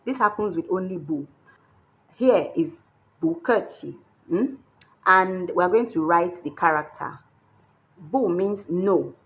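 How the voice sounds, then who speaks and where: A woman's voice: fairly low pitch, low-quality recording. A woman teaching a beginners' Chinese lesson, explaining patiently while writing characters and often checking in with a questioning "hmm?". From Nigeria.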